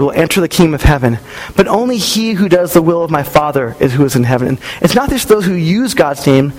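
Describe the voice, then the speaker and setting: A male pastor in his thirties delivers a sermon with a notably high-pitched voice. He speaks in a relaxed, conversational way and slips into the voices of people in his stories. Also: poor audio. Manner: conversational, storytelling with acted-out quotes.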